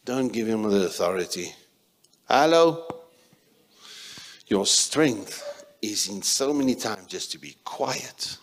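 Low-voiced South African pastor preaching. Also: male voice, lively intonation, slow, pauses often. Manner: emphatic preaching, sudden loud and soft shifts. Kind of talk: sermon.

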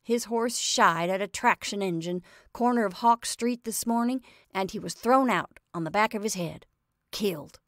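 A woman's voice: mid-range voice, moderate pace, a bit bright, no echo, studio quality, lightly acted. Woman reading as a gossipy delivery man. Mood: relishing. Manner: chatty, relishing. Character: gossiping male delivery man, relishing bad news. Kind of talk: storybook reading.

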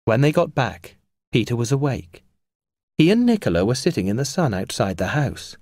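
Guy reading a storybook aloud for english learners, lively pitch, dry close mic. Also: dry recording. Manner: clear and measured for learners. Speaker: audiobook narrator. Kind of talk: scripted storybook narration.

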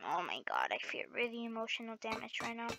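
A woman hosting a let's-play, talking excitedly to viewers and shrieking at the game. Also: fairly high pitch, fast, creaky, very noisy. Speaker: gaming channel host. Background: game music.

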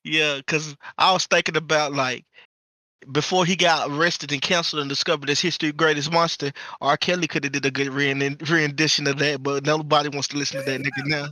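A young man chatting on a podcast in a slightly high, bright and crisp voice. His sound is close and dry. He is laid-back, laughs easily and quotes old theme songs. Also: steady tone, a little fast, no room sound. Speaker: podcast co-host. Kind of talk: casual podcast chat.

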